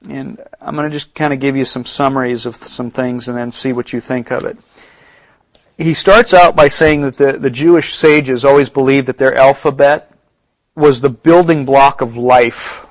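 A man's voice: medium pitch, steady tone, no echo, rough recording. Man teaching Bible study, dry sound. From United States. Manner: explanatory, slows down to stress key points. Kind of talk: casual Bible teaching talk.

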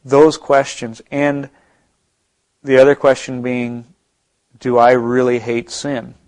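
A man's voice: mid-range voice, completely flat delivery, slow, darkish tone. Earnest American man teaching the Bible. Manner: earnest, reflective, many restarts and asides.

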